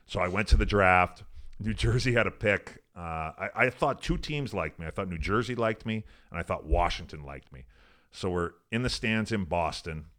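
A former pro hockey player from Alberta, Canada, spins a long, profane, rambling story in a casual interview, packed with "like" and "I'm like." His deep voice has lively intonation and a bit of brightness, at normal speed.

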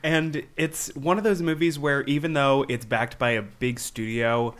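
A wry man hosts a comedy podcast and talks in a loose, joking way. He throws in quick dry asides. His voice sits at an ordinary middle pitch. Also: steady tone, a bit bright. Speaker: podcast host.

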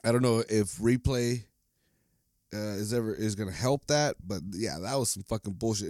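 A man's voice: lowish voice, normal speed, a little mellow, dry recording, studio quality. A man hosting a solo podcast, rambling and heated, swearing constantly as he vents. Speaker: podcast host. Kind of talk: casual solo podcast rant.

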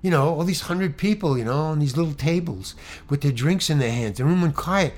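Man spinning an animated, halting anecdote. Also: on the high side. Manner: animated, halting, many restarts and repeats; swings from loud outbursts to hushed asides. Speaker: actor. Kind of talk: anecdotal storytelling.

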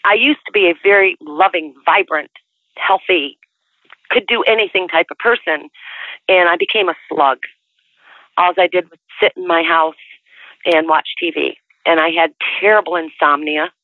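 A woman's voice: on the low side, moderate pace, no room sound. A woman in her sixties telling her life story in a chatty, rambling way, with frequent restarts, heard over the telephone. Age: 60s. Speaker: interviewee. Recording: tinny dry phone line.

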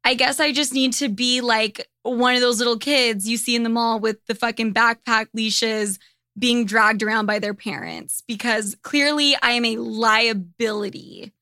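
A woman hosting a podcast talks in a frank, profane, unfiltered way. Her voice sits a little high with a bright, forward edge. The sound is close and dry, with no room around it. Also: normal speed, dry recording. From United States. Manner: blunt, profane and candid. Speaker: podcast host. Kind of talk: casual monologue.

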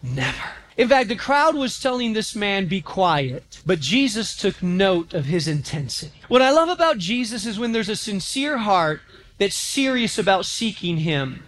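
High-voiced man preaching a sermon. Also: moderate pace. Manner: animated storytelling, acts out quotes. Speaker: pastor. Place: church.

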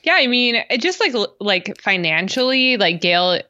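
A woman's voice: mid-range voice, sing-song, sharp tone, no echo, lo-fi sound. A woman co-hosting a podcast, recapping a TV episode in casual, agreeable conversation. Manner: conversational, agreeable, quick to laugh along. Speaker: podcast co-host.

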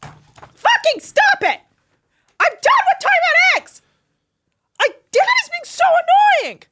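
A woman's voice: extremely high pitch, big pitch swings, a little slow, bright, forceful tone, voice pushed up, heavily acted. A woman mimicking a furious young woman who shrieks at her father in exasperation, in a podcast studio.

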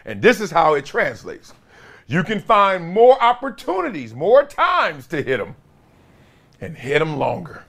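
A former football player hosting a sports talk show, talking animatedly, laughing and acting out quotes. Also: male voice, fairly high pitch. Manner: lively, laughing, acts out quotes.

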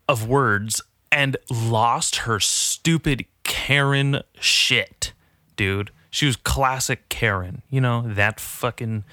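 A man's voice: medium pitch, sharp tone, no echo, studio quality. A young man ranting casually from his apartment, rambling and profane, mocking himself as he goes. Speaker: vlogger. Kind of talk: casual profane rant to camera. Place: apartment at home.

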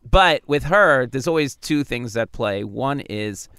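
A man's voice: mid-range voice, unhurried, clear, resonant tone, no echo, clean studio sound. A man, a comedy writer and podcast co-host, chatting in an interview and acting out quotes as he tells stories. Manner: lively storyteller who acts out quotes. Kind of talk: casual interview chat.

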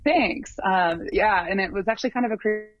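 Higher-voiced man, dull lo-fi sound. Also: moderate pace, dry recording. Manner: rambling, full of ums and restarts. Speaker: long-distance hiker guest. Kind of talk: casual interview storytelling.

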